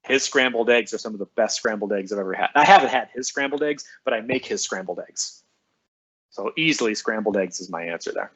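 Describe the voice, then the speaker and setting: A man's voice: on the low side, lively intonation, fairly quick, a bit bright, husky. A man who works as a school librarian, chatting casually on a live stream with students. He reads out their names and comments and answers them cheerfully.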